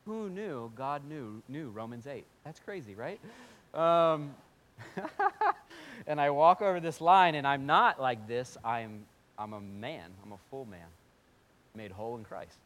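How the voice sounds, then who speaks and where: Speaking a little slowly at a medium pitch, this man preaches as a pastor and recounts his story. His delivery swings between hushed tones and something close to yelling.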